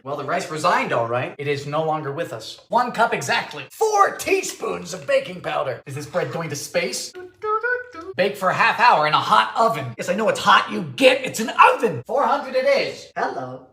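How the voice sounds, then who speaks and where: Theatrical man with wildly swinging pitch. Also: lively intonation, moderate pace, bright, forceful tone. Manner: theatrical and sardonic, with sudden high-pitched exclamations. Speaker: baking video host. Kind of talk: comedic cooking narration. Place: home kitchen. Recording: echoey room sound.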